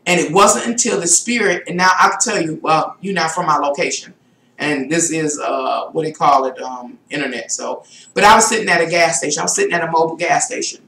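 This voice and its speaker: A woman's voice: a little fast, fairly bright tone, roomy sound. A middle-aged woman vlogger telling a spiritual story in a rambling, casual monologue. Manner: rambling, with shrill exclaimed self-quotes.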